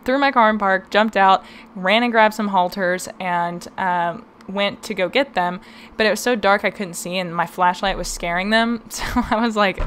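A young woman hosts a podcast, telling a story in a relaxed, chatty style, laughing often and peppering her speech with "um" and "like." Her voice sits in the middle range, slightly bright, at a normal pace, with a faint hiss or hum in the background.

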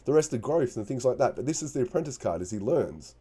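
Dark husky-voiced male tarot reader. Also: mid-range voice, big pitch swings, fast talker. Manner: earnest, repetitive, encouraging, with frequent restarts. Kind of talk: casual spoken tarot reading.

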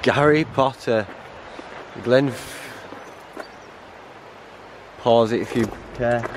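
Chatting to camera on a solo hike, a middle-aged man jokes and laughs often, starting outdoors on a trail before moving inside a bothy. He speaks at a medium pitch and extremely slowly, with background noise in the recording.

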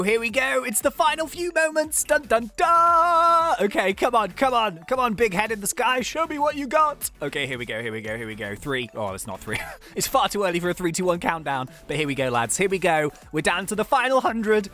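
A young man giving excitable gameplay commentary, talking to himself with dramatic groans and cheers as he plays. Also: sits high, fairly quick, soft background music. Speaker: gaming channel host.

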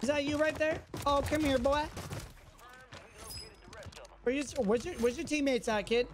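A high-pitched man taunts opponents over live gameplay, swaggering and mock-menacing as he repeats his lines. Game sounds and ambience run clearly behind his voice. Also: measured pace, long pauses, a little hiss or hum. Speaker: streamer. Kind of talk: trash-talking gameplay commentary.

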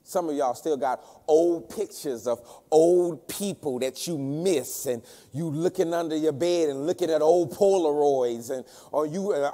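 A man preaching a sermon as guest minister, swinging between loud emphasis and hushed tones and repeating phrases. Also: on the high side, big-room sound. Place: church sanctuary.

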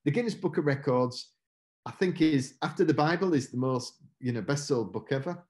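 A man's voice: on the high side, expressive, normal speed, a little mellow. A middle-aged British man giving a chatty, self-mocking motivational talk and acting out quotes from his own story. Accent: British English. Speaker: motivational speaker.

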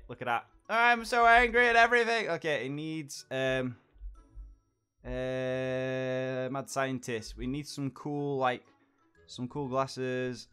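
A man's voice: medium pitch, clear, resonant tone. A British man hosting his gaming channel, chatting casually and mocking himself as he thinks aloud while building. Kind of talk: casual gameplay commentary.

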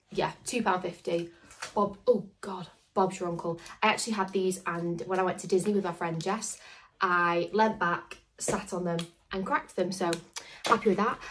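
A woman's voice: mid-range voice, slight background noise. A young woman chatting casually to her camera as a vlogger, rambling with lots of "like" and "literally". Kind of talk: casual vlog chat. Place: outdoors on a dog walk, then at home indoors.

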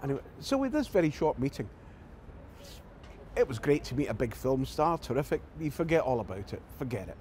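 A man's voice: medium pitch, fairly quick, a little hiss or hum. A Scottish man with a Glasgow accent, an actor guest telling anecdotes in an interview and acting out the voices of the people in them. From Scotland. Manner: animated storyteller acting out quoted lines.

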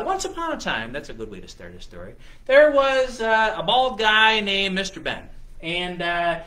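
A man's voice: high voice, bright, forceful tone. A man hosting a children's show, making up a story on the spot with lots of fillers and playful restarts. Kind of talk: improvised storytelling for kids.

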